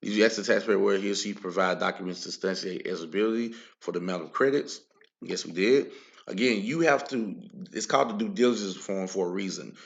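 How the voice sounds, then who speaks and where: A man walking viewers through tax software in a screen-recorded tutorial, repeating key points and calling them guys. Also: low-pitched, fast talker, gravelly, lo-fi sound.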